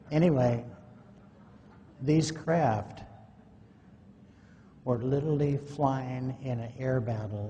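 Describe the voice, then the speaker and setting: Man telling a folksy story at a conference mic, mellow voice, echoey hall, lo-fi old recording. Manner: folksy, acts out quoted dialogue. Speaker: conference speaker. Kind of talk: personal storytelling talk. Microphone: microphone at a podium or in hand. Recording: echoey hall, faint noise, low-quality 2009 recording.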